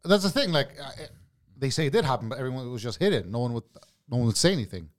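A man's voice: mid-range voice, big pitch swings, fast talker. A man co-hosting a casual podcast, throwing in joking remarks and calling everyone "bro". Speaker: podcast co-host.

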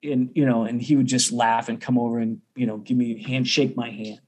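A man's voice: medium pitch, fairly quick. A middle-aged man, a percussion teacher, telling a story casually and acting out the other people's voices. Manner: animated, acts out others' voices.

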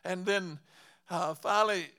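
A preacher man retells a scripture story from the pulpit. His voice sits high and rings bright. He moves slowly, stumbling over and repeating words, and breaks out in fervent exclamations. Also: clean tone. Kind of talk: storytelling sermon.

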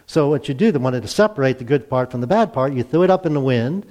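A man's voice: mid-range voice, lively intonation, fast talker, darkish tone. A male pastor preaching a sermon in a conversational way, asking rhetorical questions. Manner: conversational, asks rhetorical questions, acts out quotes.

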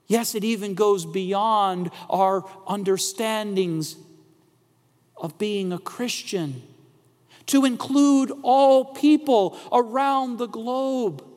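A male pastor delivers a sermon in an unhurried, deliberate way and keeps posing rhetorical questions. His voice sits high for a man. A long reverb trails his words through the church sanctuary. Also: darkish tone.

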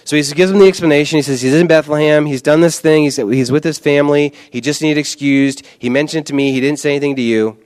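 A man's voice: on the high side, steady tone, fast talker, few pauses, a little mellow, clean tone. Man preaching a conversational sermon. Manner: conversational, emphatic, repeats words. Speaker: pastor.

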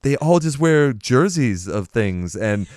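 A man's voice: mid-range voice, big pitch swings, takes it slowly, a little mellow, dry recording, studio quality. A man co-hosting a casual podcast chat, blunt and profane, laughing often. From Boston area. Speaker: podcast co-host.

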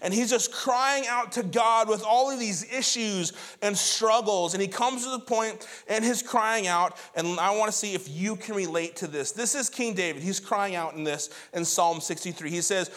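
A man's voice: high voice, normal speed, fairly bright tone. A man preaching a sermon as pastor, earnest and building to fervent emphasis.

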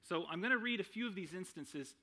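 A man's voice: high voice, animated, fairly quick, pushed and bright. A young man giving a sermon in a conversational way, often checking in with "right?" and adding self-deprecating humor. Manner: conversational, frequent "right?" tag questions. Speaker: preacher.

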